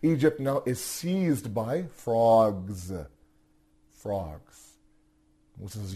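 A man giving a religious storytelling lecture, animated, asking rhetorical questions and repeating his words. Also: mid-range voice, very slow, long pauses, breathy edge. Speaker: religious teacher.

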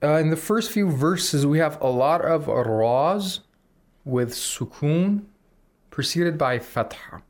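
A man's voice: on the high side, lively intonation, takes it slowly. A man teaching Quran recitation on a radio program, explaining rules patiently and demonstrating examples.

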